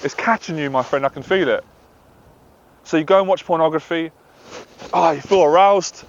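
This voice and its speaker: In slightly dull lo-fi audio, a man who coaches on dating and anxiety addresses the camera at a moderate pace. His pitch is fairly high, and he's earnest and confessional, occasionally performing his inner voice.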